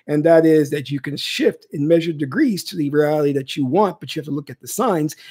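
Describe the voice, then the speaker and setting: A man's voice: a little high, warm tone, breathy edge. A man teaching spiritual ideas in casual livestream talk, often checking in with "okay?" and repeating phrases. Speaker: spiritual teacher answering viewer questions.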